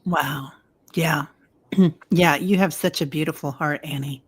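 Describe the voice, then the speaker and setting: A woman hosting a live-streamed healing chat, soft-spoken, encouraging and affectionate. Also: low-pitched, steady tone, a little slow, breathy edge. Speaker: host.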